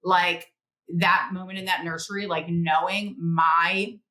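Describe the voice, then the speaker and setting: A middle-aged woman, a guest author, telling stories in an animated interview, acting out quotes and laughing often. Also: on the low side, a little slow, low-quality recording. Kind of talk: podcast interview, storytelling.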